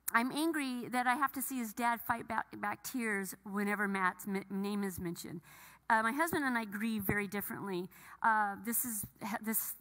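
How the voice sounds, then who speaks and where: A middle-aged woman gives an emotional personal testimony, halting and full of restarts. Her voice is bright with a gravelly edge. It rings out with the long reverb of a church hall. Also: mid-range voice. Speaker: bereaved mother sharing testimony. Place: church sanctuary.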